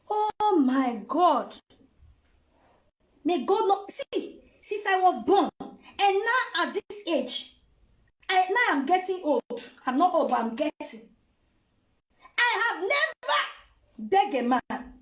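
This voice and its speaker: A woman's voice: extremely high pitch, very animated, slow, roomy sound. A woman with a Nigerian accent giving dramatic reaction commentary, mocking and wailing in a theatrical way. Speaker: reaction vlogger.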